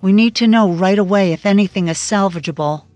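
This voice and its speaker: A woman's voice: mid-range voice, fairly quick, a little mellow, no room sound, muffled recording, faint music behind, lightly acted. A woman reading a blunt woman FBI agent. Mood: brusque. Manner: blunt, clipped. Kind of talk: audiobook character voice.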